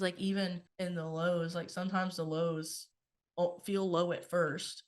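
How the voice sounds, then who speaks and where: A woman co-hosting a podcast, talking casually about feelings with lots of fillers and the odd swear word. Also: lowish voice. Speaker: podcast co-host. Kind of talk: casual spiritual chat.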